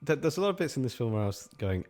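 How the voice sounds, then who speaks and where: A man's voice: mid-range voice, racing. A man guesting on a podcast, riffing playfully in casual chat about a film. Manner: playful, riffing, lively intonation.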